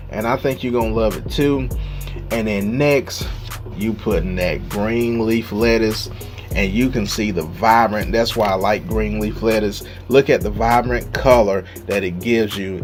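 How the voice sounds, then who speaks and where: Chill guy talking through his cooking, low-ish voice, music going underneath. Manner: laid-back, says "man" constantly. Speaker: home cook. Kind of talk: casual cooking video narration.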